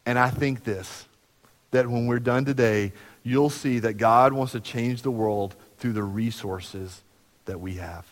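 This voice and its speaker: A man preaching a sermon as pastor, talking conversationally and acting out everyday dialogue. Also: unhurried. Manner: conversational, acts out everyday dialogue with lively jumps in pitch. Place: church sanctuary. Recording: long hall reverb from the sanctuary.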